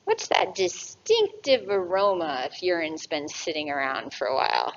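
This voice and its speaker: A woman's voice: fairly low pitch, moderate pace, muffled recording. A woman teaching an anatomy class, asking students questions and tagging her points with "right?". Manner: lively, asks the class questions and answers them, tag questions. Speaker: anatomy lecturer. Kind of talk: classroom lecture.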